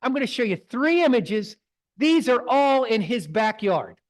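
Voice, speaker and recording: A man's voice: very high-pitched, sing-song, unhurried. A middle-aged man, presenting to a photography club in a folksy, digressing storytelling way. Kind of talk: casual talk with slides. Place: club meeting room.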